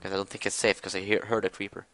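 A man's voice: fairly low pitch, flat delivery, very fast, bright, forceful tone, a little hiss or hum. A young man chatting and joking while playing a video game with a friend. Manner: joking, teasing, laughs often. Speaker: gaming commentator. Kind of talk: casual gameplay chat.

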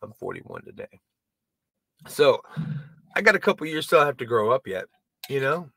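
A man's voice: mid-range voice, big pitch swings, moderate pace, creaky, pushed and bright, no echo. A man doing a casual stand-up monologue to camera, rambling and self-deprecating, swearing and stumbling over restarts. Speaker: comedian and video creator.

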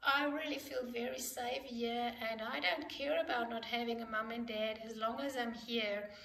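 A woman voicing a baby toy in a sand tray scene, calm and contented. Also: fairly high pitch, moderate pace, gravelly, reverberant.

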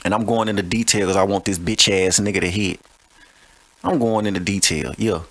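A man's voice: lowish voice, steady tone, a little fast, a bit bright. A man hosting a podcast, telling a boastful, profane story in a swaggering, mocking way. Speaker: podcast host.

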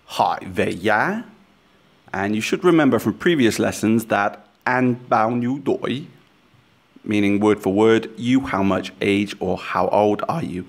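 A man with a somewhat low voice talks through a language lesson in a calm, scripted way. He explains each point slowly and clearly, carefully sounding out the foreign phrases he teaches.

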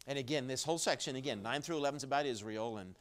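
Man preaching with wide volume swings. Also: rapid-fire. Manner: preaching with wide swings in loudness, low and quiet then rising strongly. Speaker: pastor. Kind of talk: sermon. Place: church sanctuary, recorded live.

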